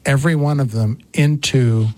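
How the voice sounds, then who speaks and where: A man's voice: mid-range voice, moderate pace, no echo. Storytelling man, radio host. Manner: storytelling, animated. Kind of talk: casual chat.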